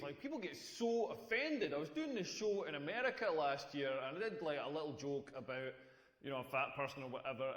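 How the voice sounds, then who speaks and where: A middle-aged man with a Scottish accent playing a crude stand-up comedian, telling deadpan stories that build to punchlines. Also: a little high. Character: crude self-mocking male stand-up comic. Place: comedy club stage. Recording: echoey comedy club hall.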